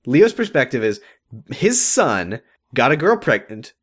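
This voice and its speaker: A man's voice: mid-range voice, sing-song, measured pace. A man co-hosting a podcast in casual chat, retelling TV scenes bluntly and acting out the characters' lines. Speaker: podcast co-host.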